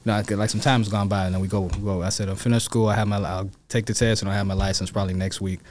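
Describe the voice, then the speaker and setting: A man's voice: on the low side, rapid-fire, a little hiss or hum. A man, a real estate agent telling his story in a casual interview and acting out quoted voices. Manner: animated, acts out quotes in a raised voice.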